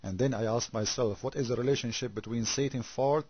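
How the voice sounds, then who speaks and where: Husky and medium-pitched, a man rattles off rhetorical questions in a sarcastic critique, now and then faltering into repeated words. The sound is dull, with no room ambience.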